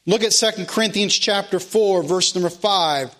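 A man's voice: sits high, moderate pace, hardly any pauses, a bit bright. A man preaching a sermon, calling out scripture references again and again and asking rhetorical questions. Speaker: pastor.

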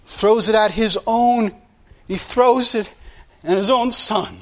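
A man's voice: very high-pitched, measured pace, fairly bright tone. A male pastor preaching a sermon in a blunt, impassioned way, repeating his points.

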